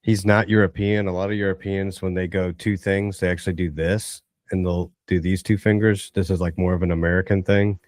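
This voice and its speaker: A man with a very deep voice joins a casual chat, cracking deadpan jokes and insisting on his point. His voice is close and dry, with no room sound. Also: fairly quick, hardly any pauses, no echo.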